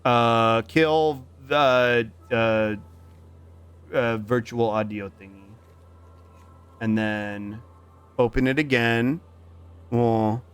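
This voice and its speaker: A man's voice: medium pitch, steady tone, extremely slow, long pauses, a bit bright, clear, resonant tone. A man streaming a game in casual, playful chat, rambling with lots of repeated fillers. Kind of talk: casual livestream chat while gaming.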